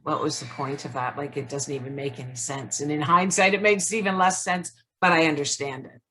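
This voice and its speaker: Over a video call, a woman co-hosts a casual self-help chat, reflective and searching, saying "like" often as she thinks aloud. Her voice sits low with a steady tone, brisk and a bit bright, with a little hiss or hum.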